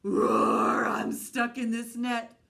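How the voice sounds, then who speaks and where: A woman voicing a big, proud male lion in a children's fable, roaring and speaking in a deeper put-on voice. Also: sing-song, takes it slowly, vocal fry, a bit bright, heavily acted. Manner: booming, roaring.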